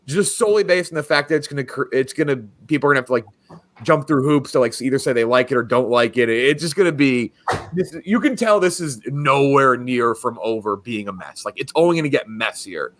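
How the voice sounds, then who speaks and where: Brief: lively male podcast host, bright forceful voice, casual movie chat. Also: medium pitch, brisk. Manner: animated, restarts and laughs.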